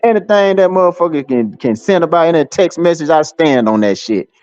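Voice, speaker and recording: A man's voice: a little high, animated, brisk, darkish tone, dry recording, soft background music. A man, ranting and taunting on a live stream, swearing heavily and rambling with lots of fillers. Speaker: livestream host. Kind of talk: profane live-stream rant. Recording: slightly dull lo-fi stream audio.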